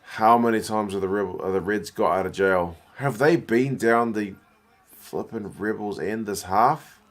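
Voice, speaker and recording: A young New Zealand man chatting casually as he watches rugby live, reacting loudly and answering viewer comments. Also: fairly low pitch, unhurried. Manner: excitable, slangy, reads out viewer comments.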